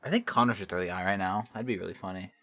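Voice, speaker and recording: A man's voice: low-pitched, a bit bright, dry recording, faint music behind. A man from the Southern US co-casting a game stream in a casual, playful way. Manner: playful, quick to laugh along. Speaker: tournament co-caster.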